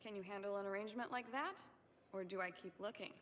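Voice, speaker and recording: An actress playing a confident military war reporter in a game, speaking briskly and directly. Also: female voice, mid-range voice, fairly bright tone, big-room sound, a little hiss or hum, natural voice. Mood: businesslike.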